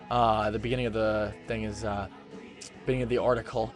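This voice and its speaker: A man's voice: fairly low pitch, flat delivery, quick pace, soft background music. A man hosting a casual internet radio show from home on a webcam, reading posts aloud with rambling asides and plenty of fillers. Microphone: webcam microphone.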